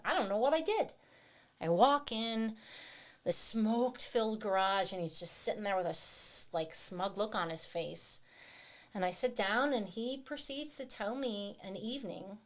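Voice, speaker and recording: A middle-aged woman giving a personal testimony as a podcast guest, a vivid storyteller who acts out her own past words. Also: mid-range voice.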